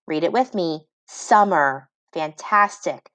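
A woman reading teacher giving a phonics lesson to children, sounding words out slowly syllable by syllable and praising each try. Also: fairly low pitch, animated, fairly bright tone, no room sound.

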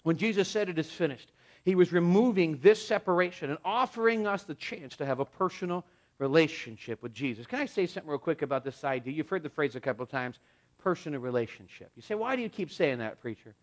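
A man's voice: fairly high pitch, expressive, fast. A man preaching a sermon as pastor in a church, impassioned, surging and dropping in force. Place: church sanctuary.

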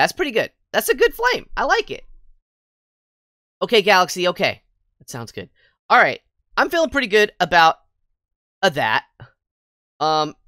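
A woman livestreaming a game, chatting with viewers in a bubbly, goofy way, jumping between squeals and quiet mutters. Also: mid-range voice, no room sound, clean studio sound. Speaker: VTuber game streamer. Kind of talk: casual livestream chat with viewers. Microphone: headset mic. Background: faint game music.

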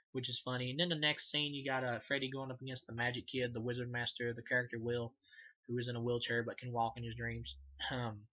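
A man recaps a film in a loose, rambling way, swearing casually and correcting himself as he goes. His voice is bright and edgy but stays fairly level in pitch. The recording sounds dull and lo-fi. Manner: rambling, profane, frequent fillers and self-corrections. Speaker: movie reviewer. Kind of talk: casual unscripted movie recap.

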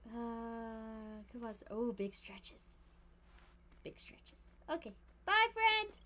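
A young woman streamer chatting casually while she plays a game, animated and giggly, squealing at surprises and murmuring quiet asides. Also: fairly high pitch, slow pace. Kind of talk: casual gameplay commentary.

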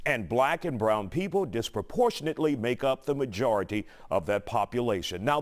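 An American man reading a scripted television news report as reporter and anchor, with a measured, emphatic delivery. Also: mid-range voice.

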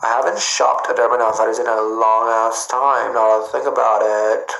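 A man's voice: medium pitch, steady tone, normal speed, creaky, fairly bright tone. A man livestreaming from home on his phone, chatting casually and greeting viewers by name in a playful, chatty way. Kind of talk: casual livestream chat reading comments. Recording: roomy echo.

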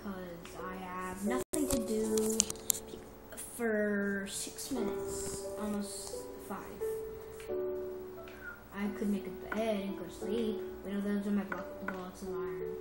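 Recorded on a phone in a roomy, echoing space with music behind her, a woman gives rambling commentary on her gameplay. Her mid-range voice is chatty and excitable, and she often corrects herself.

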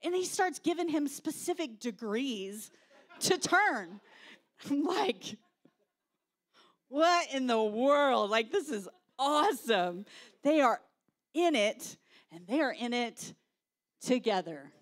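A woman pastor, preaching a sermon with animated storytelling and shouted quotes. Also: high voice, slow pace, pauses often.

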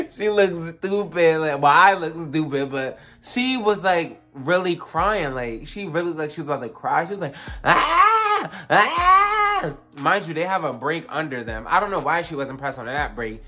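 A young adult vlogger recounting a story in a casual, animated way. The voice sits at a middle pitch and the talk is loose and profane, with plenty of fillers and asides to the viewers. Faint music runs underneath.

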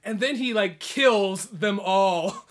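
Young male podcast host, high and bright voice, animated casual storyteller. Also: takes it slowly. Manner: animated storyteller, acts out game characters' lines. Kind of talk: casual chat.

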